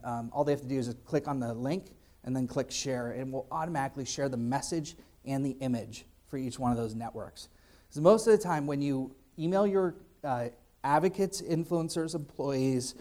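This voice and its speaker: A man's voice: mid-range voice, warm tone. A man giving a casual conference presentation and answering audience questions, with many fillers and restarts. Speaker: conference speaker. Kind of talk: live presentation and Q&A.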